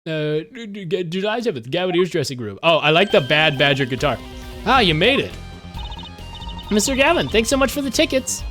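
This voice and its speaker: A man streaming a game live, chatting casually with his viewers, excitable and swearing freely. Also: sits high, a little fast, faint music behind. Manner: excitable, swears, talks to chat.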